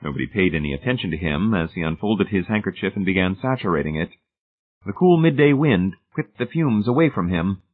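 A man narrating a story aloud in a measured reading. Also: low voice, animated. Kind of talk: audiobook narration. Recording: tinny phone-like band.

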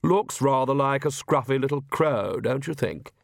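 A man voicing a self-assured, attractive young man who talks slowly and slyly. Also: medium pitch, animated, creaky, no echo, studio quality.

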